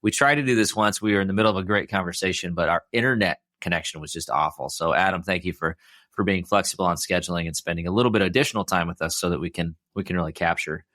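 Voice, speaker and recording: Man, Midwestern American accent, very low voice, chatty podcast host, lots of fillers, dry close sound. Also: fast talker, fairly bright tone, no echo. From Midwest US, Iowa. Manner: chatty, many fillers and restarts, laughs easily. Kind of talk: casual interview chat.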